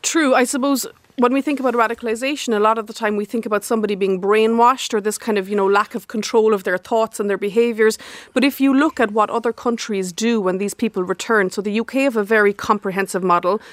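A woman, a criminology academic explaining calmly in a radio interview. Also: on the high side, no echo. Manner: measured, explanatory.

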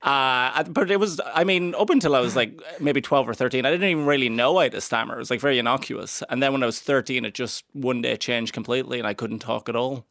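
Irish man with a stammer, gravelly. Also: medium pitch, quick pace, few pauses, fairly bright tone, no echo. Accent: Irish, Cavan. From Ireland (Cavan). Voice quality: stammer with repeated sounds. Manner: dry, self-mocking humour. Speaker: stand-up comedian, guest. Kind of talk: radio interview chat.

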